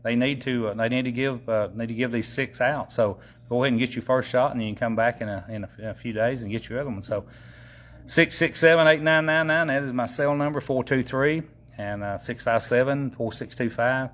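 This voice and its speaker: A man's voice: mid-range voice, fairly quick, fairly bright tone. A man, a county executive giving a casual public update, folksy and rambling with lots of fillers.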